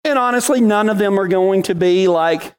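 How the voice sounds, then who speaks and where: A man's voice: high-pitched, moderate pace, smooth. A middle-aged man giving a folksy devotional talk, telling a story in cowboy slang before turning to scripture. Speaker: devotional podcast host.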